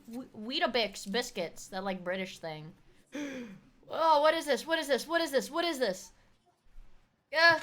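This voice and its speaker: A woman streamer chatting casually as she reacts to a video, excitable and swearing, shrieking thanks to her viewers. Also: high voice, normal speed, pauses often.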